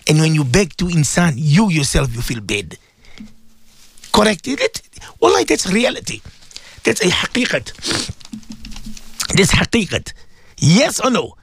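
A man's voice: on the high side, sing-song, a little slow, creaky, pauses often, a bit bright, breathy edge. A man hosting a devotional radio talk, preaching fervently and repeating himself as he pleads with listeners. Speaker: religious radio host.

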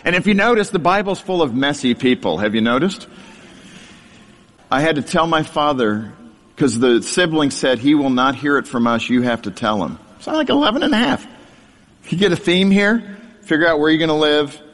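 A man's voice: fairly high pitch, big pitch swings, moderate pace, a bit bright. A middle-aged man preaching a storytelling sermon, sharing his childhood with self-deprecating humor and frequent laughter. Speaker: speaker sharing a testimony. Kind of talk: storytelling sermon to a live audience. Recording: long hall reverb.

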